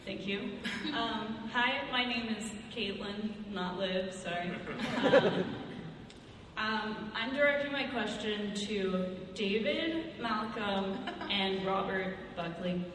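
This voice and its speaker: A woman's voice: mid-range voice, takes it slowly, noisy background. Hesitant young woman at a hall mic. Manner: hesitant, polite. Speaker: fan asking a question. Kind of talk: audience question at a panel. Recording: echoey convention hall from far off.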